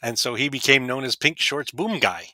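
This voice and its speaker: A man's voice: medium pitch, animated, moderate pace, sharp tone, dry recording. A man co-hosting a casual fan awards show, telling a story with chuckles. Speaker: podcast co-host. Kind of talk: casual chat.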